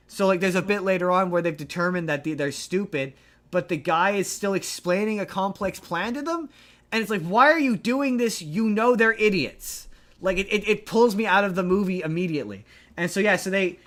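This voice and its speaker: Rambling man retelling a movie plot. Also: sits high. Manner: rambling, animated plot retelling with many restarts and fillers. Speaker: podcast co-host. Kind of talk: casual movie recap chat.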